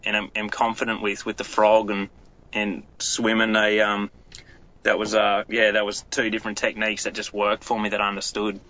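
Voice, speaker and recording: Rambling Australian man, bright voice. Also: lowish voice, monotone, normal speed, highs cut off. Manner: rambling storyteller with many restarts. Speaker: guest angler. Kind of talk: casual podcast chat.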